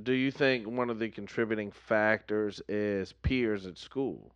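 A man's voice: on the low side, a little slow, highs cut off. A man hosting a casual conversation, asking questions and giving thoughtful views with some hesitant restarts.

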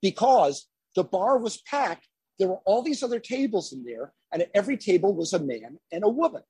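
Husky man telling a lively tour story. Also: high voice, brisk, no echo. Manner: animated anecdote telling, lively. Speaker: guest musician. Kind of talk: casual storytelling.

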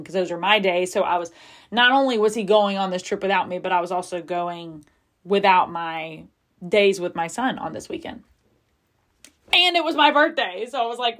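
Give me a frank, confessional woman podcast host who swears freely and chats loosely. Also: mid-range voice. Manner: chatty with many fillers. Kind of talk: candid personal monologue.

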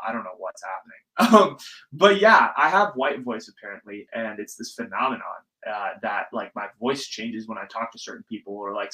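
A young man rants through a casual solo podcast with a bright, forceful voice. He is animated, jumps between topics and swears freely. His pitch sits in the middle of the male range. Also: rough recording. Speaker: podcast host.

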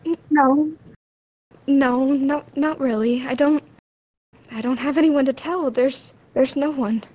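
A woman's voice: high-pitched, fairly even intonation, takes it slowly, a little mellow, pitched above the performer's own voice. Woman putting on a stammering, sobbing ghost girl. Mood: tearful. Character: frightened weeping young woman ghost.

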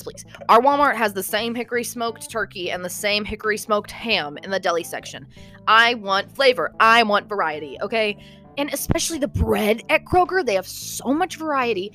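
A young woman, rambling animatedly in a casual vlog and sounding a bit out of breath. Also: a little high. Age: young adult. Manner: animated, rambling, lots of "okay?" and "like". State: slightly out of breath. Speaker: vlogger.

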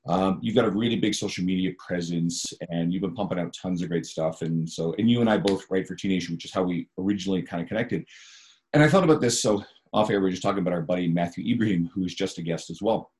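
Guy with a really low voice hosting a podcast, chatty, lots of uhs. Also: fast, a little mellow. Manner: chatty, rambling with fillers. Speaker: podcast host. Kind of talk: casual podcast chat.

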